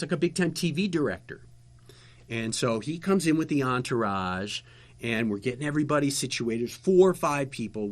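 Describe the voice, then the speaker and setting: A man of middle pitch spins a loose, animated story for his hosts. He wanders, restarts his sentences and piles on fillers, then perks up as he reaches the punchline. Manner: rambling, animated anecdotes with many fillers and restarts. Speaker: guest telling stories, former local TV interviewer. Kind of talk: casual storytelling chat.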